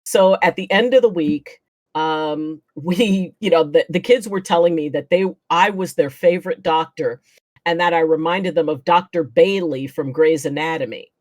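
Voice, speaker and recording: A woman's voice: low-pitched, normal speed, darkish tone, no echo. A woman, a chiropractor, guesting on a casual chat show and telling stories animatedly, acting out what people said and laughing often.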